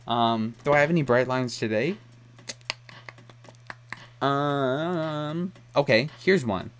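A man's voice: mid-range voice, takes it slowly, a little hiss or hum. A young man hosting a solo podcast, talking in a rambling, candid way and laughing often. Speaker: podcast host. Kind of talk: casual solo podcast chat.

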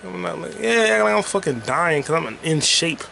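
A man's voice: fairly high pitch, animated, normal speed, gravelly, bright, forceful tone, a little hiss or hum. A man hosting a rambling solo podcast while gaming, talking loosely and profanely with sing-song asides. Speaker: podcast host.

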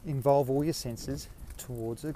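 A man's voice: mid-range voice, fairly even intonation, a little slow, dark tone, slight background noise. An Australian man hosting a podcast, talking in a rambling, self-mocking way while out walking his dog. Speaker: podcast host. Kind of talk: casual rambling monologue.

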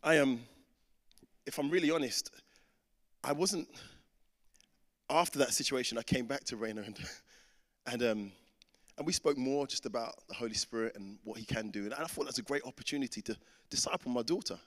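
A man's voice: medium pitch, moderate pace, a bit bright. A man in his thirties preaching a sermon, telling a personal story and acting out the voices in it. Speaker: pastor. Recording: reverberant hall.

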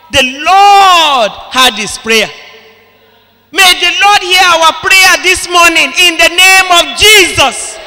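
A man preaching a sermon in an impassioned way, often breaking into shouts. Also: very high voice. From Nigeria. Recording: long hall reverb.

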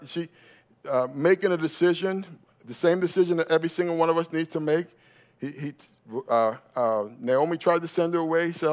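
A man preaching a sermon as pastor, calling on the congregation to respond and building to fervent exhortation with frequent fillers and restarts. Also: high voice.

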